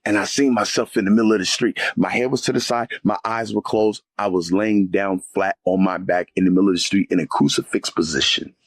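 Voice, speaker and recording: A man's voice: low voice, fairly even intonation, a little fast, few pauses, dry recording. A man, a guest on the show, telling an emotional spiritual testimony in a fervent, vivid way and often calling his listener "man" or "brother".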